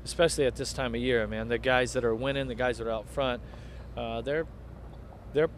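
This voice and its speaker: A man's voice: medium pitch, fairly even intonation, brisk, slight background noise. A middle-aged man, a former motocross racer, rambling through stories in a casual interview outdoors at a race track. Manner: rambling, storytelling.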